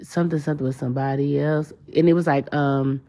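A woman's voice: sits low, fairly even intonation, quick pace, mellow. A woman hosting a spiritual podcast, talking in a casual, emotional and slangy way, often repeating herself. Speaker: podcast host.

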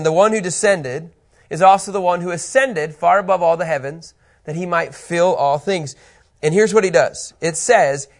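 A man teaching a Bible lesson to a group, animated and conversational, asking rhetorical questions as he reads through scripture. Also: on the high side.

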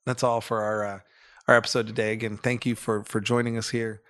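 A man's voice: fairly low pitch, little pitch movement, a little fast, fairly bright tone. A middle-aged man hosting a podcast in casual chat, rambling and correcting himself as he tells a fond family story. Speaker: podcast co-host.

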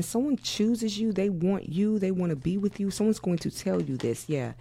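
A woman with a dark, gravelly voice talks her way through a tarot spread in a loose, musing way. She keeps saying "yeah" and swears now and then without any fuss. Her tone stays mellow and relaxed. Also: on the low side. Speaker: tarot reader. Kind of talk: casual tarot reading.

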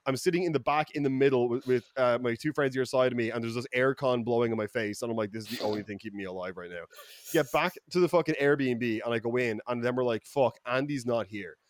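A man with an Irish accent telling a story on a podcast in a lively, profane way, acting out the people he quotes. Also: medium pitch, fast, hardly any pauses, no room sound. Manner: animated, profane, quotes people in mock voices. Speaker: podcast regular. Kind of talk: casual storytelling. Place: podcast studio.

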